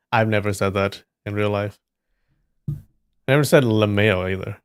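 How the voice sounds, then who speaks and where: Male stream host, lowish voice, dry close sound, jokey banter with his chat. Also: steady tone, moderate pace, smooth, dry recording. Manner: joking, teasing banter with frequent laughs. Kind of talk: casual chat with stream viewers.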